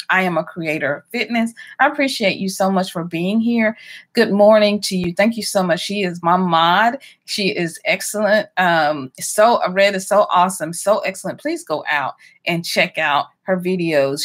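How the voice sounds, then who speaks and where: A woman hosting a casual livestream, greeting viewers by name with many ums and quick laughs. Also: fairly low pitch, fairly bright tone. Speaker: livestream host.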